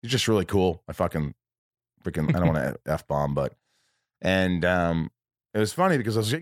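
A man with a very low voice hosts his podcast from home, chatting loosely and circling back on himself as he corrects and restarts his sentences. The sound is close and dry, with no room echo. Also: sing-song, normal speed, pauses often. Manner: rambling, lots of restarts and self-corrections. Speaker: podcast host. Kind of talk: casual podcast chat.

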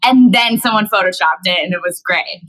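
A woman's voice: fairly low pitch, brisk, over a noisy crowd, low-quality recording. A young woman chatting as a podcast guest, giggly and rambling, often restarting her sentences. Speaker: podcast guest, actress and singer. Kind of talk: casual interview chat.

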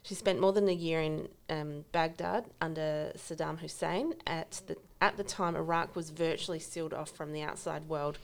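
A woman's voice: deep voice, fairly even intonation, normal speed, few pauses. A woman co-hosting a podcast, chatting casually about books she has read and laughing often. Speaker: podcast co-host. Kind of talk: casual book chat.

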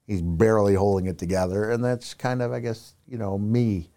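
Middle-aged guy, kinda low and mellow, rambly storyteller with lots of you knows. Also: steady tone, normal speed. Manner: rambling, self-deprecating, frequent "you know" fillers. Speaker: podcast guest, retired wrestler. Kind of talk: casual storytelling chat.

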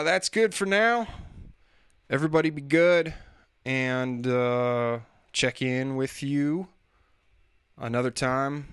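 A man's voice: medium pitch, dry recording. Rambling, laughing man in dry close sound. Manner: rambling, self-mocking, with laughs and restarts. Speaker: podcast host and musician. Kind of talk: casual solo chat.

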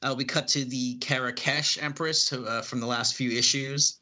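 A man's voice: medium pitch, fairly even intonation, moderate pace, bright, forceful tone. A man casually reading through a comic book and describing its panels, hesitant and full of fillers. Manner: rambling, hesitant, many fillers.

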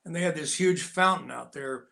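An older male guest tells a lively anecdote in loose, conversational storytelling, his voice a touch high for a man and marked by vocal fry. He moves at a moderate pace and slips into the voices of the people he quotes.

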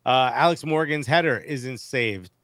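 A man co-hosting a casual sports podcast, animated and joking, using slang, on a studio mic. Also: medium pitch, a little slow, no echo. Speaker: podcast co-host.

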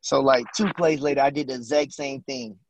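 A man's voice: mid-range voice, fairly quick, poor audio. A man, telling stories as a podcast guest, acting out quotes and laughing often. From Houston, Texas. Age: late 30s. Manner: animated storyteller, acts out quotes, laughs often. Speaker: guest, former basketball player. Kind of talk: casual storytelling interview.

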